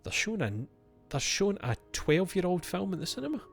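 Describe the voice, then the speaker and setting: A man's voice: sits high, very animated, fairly quick, creaky, faint music behind. A man streaming a game, reading its letters aloud and breaking off for wry asides to himself.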